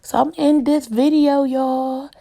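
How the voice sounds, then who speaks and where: Woman, casual home tour chat, rambling, gravelly fry. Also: sits high, fairly even intonation, takes it slowly, dark tone. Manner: chatty, rambling, keeps addressing viewers as y'all. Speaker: home decor vlogger.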